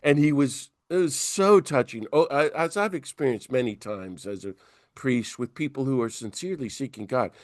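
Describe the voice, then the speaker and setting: Lively storytelling priest, dry sound. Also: male voice, mid-range voice, normal speed, no echo. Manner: animated storyteller who acts out dialogue. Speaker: priest, interview guest. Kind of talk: conversational storytelling.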